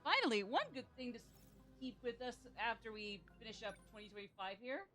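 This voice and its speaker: A woman with a slightly high voice streams a game live and chats casually about it. She rambles through her asides and laughs often. Faint game music plays underneath. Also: animated, brisk, bright, forceful tone.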